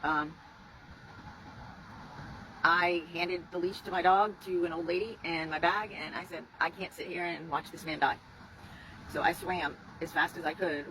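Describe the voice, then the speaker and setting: Woman, bright tone, candid first-person storyteller with a faint noise floor, swears freely. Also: lowish voice, low-quality recording. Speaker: rescuer telling her story.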